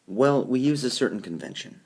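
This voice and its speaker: A man's voice: medium pitch, lively intonation, fairly quick, a little mellow, breathy edge. A man teaching a recorded lesson, explaining step by step and reciting lines with exaggerated stress. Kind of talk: recorded classroom screencast lesson. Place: voice-over recorded over a whiteboard app.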